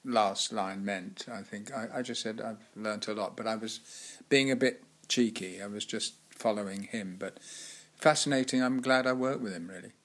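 A man's voice: fairly low pitch, normal speed, few pauses, fairly bright tone. An older man and former actor, telling chatty, laughing anecdotes in an interview with frequent restarts. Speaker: guest actor.

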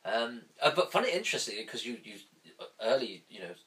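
A man's voice: mid-range voice, very animated, fast, a bit bright. A man hosting an interview, asking short, curious questions. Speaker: interviewer, host. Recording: heard from farther off the mic.

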